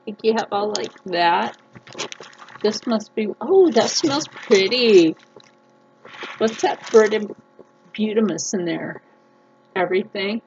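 A woman vlogging a casual unboxing, gushing and excitable, jumping into high squeals of delight. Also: takes it slowly, long pauses. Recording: dull lo-fi sound with clear background noise.

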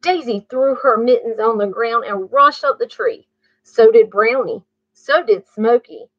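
A woman reading a bedtime story aloud to children, pausing to ask the listener questions. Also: a little high, no room sound. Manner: slow, asks the listener questions. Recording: muffled dry recording.

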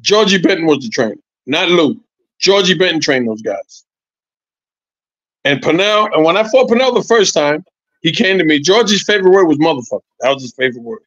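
A man in his sixties, a former boxer, telling animated, profane stories as a podcast guest, repeating his points. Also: fairly high pitch, a little fast, no room sound, lo-fi sound. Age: 60s. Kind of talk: casual podcast chat.

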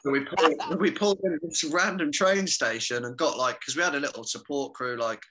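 Bright-voiced man chatting as a podcast guest. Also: fairly high pitch, brisk. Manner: informal, calls the listener mate constantly. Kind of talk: casual conversation.

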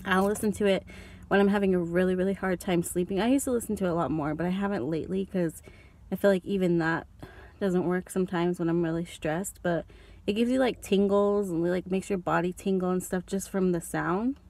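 A woman's voice: on the low side, fairly even intonation, a little fast, a little mellow. A young woman rambles through a casual mukbang, chewing and talking at once. She speaks into a phone held in her hand while sitting in a parked car. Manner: rambling, chatty, eating and coughing while talking. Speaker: beauty vlogger.

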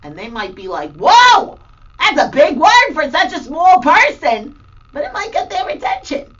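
A cheerful, playful grandmother, played by a woman, hosts a children's feelings segment in a high, swooping voice. She speaks slowly and exclaims often. The recording is distant and dull. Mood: bubbly. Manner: bubbly, animated, exclamatory. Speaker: segment host. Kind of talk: children's educational show acting.

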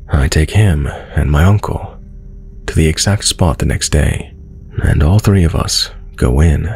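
Deep gravelly male story narrator. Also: a little mellow. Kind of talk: scripted first-person narration.

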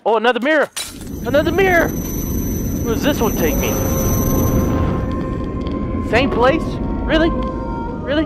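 A man giving casual, excitable commentary while playing a horror video game, swearing freely and talking to himself and the characters. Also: fairly high pitch. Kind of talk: casual let's play commentary.

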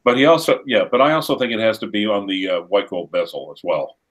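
A man's voice: lowish voice, very animated, quick pace. Dry, teasing male co-host. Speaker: co-host on a livestream. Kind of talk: casual livestream chat.

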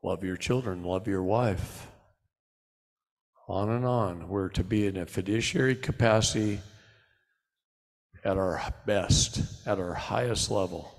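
A middle-aged man giving a live seminar lecture to an audience, preaching in animated bursts that drop to low asides. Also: a little slow, long pauses. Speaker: seminar speaker. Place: large hall before a live audience. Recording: long hall reverb.

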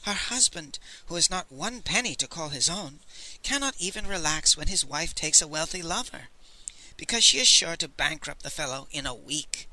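A man voicing a chatty old woman who confides town gossip in an audiobook, bright and lively in tone. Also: low-pitched, moderate pace, full character voice, rough recording. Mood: gossipy. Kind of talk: audiobook character voice.

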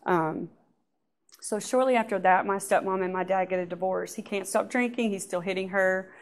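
A woman giving a personal church testimony, telling her story in a halting, soft-spoken way that often trails off. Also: mid-range voice. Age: adult. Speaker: testimony speaker.

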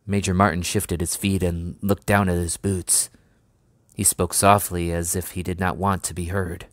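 A man reading a novel aloud in a measured, even way. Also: low-pitched, no echo. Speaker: storybook reader.

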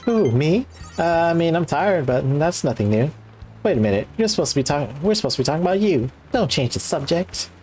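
A man's voice: on the high side, big pitch swings, a little fast, a little mellow, voice pushed up. Man putting on a raised voice, overworked young maid woman, sweet and fussing, faint music behind. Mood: scolding. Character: tired, caring young woman teacher working as maid.

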